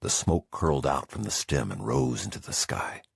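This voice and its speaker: A man's voice: low-pitched, big pitch swings, normal speed, gravelly, slightly rough, no echo, studio quality. A man narrating a memoir audiobook in the first person with intense, emotional storytelling.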